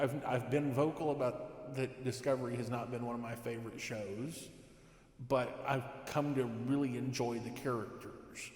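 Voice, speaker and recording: A man's voice: mid-range voice, a little mellow. A man giving a rambling, sarcastic, exasperated rant to camera, with many restarts. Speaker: toy collector vlogger. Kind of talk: ranting commentary. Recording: echoey room with long reverb.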